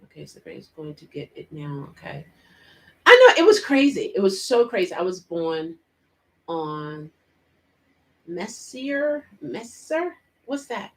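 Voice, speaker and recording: A woman vlogger casually retelling a story and chatting with viewers, animated and quick to laugh. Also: fairly low pitch. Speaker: vlogger hosting a live chat.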